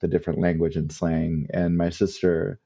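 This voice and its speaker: A man co-hosting a podcast, rambling in loose, self-deprecating chat. His voice sits low with a gravelly fry and a husky edge. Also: little pitch movement, normal speed, warm tone, lo-fi sound. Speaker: podcast co-host. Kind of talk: casual chat.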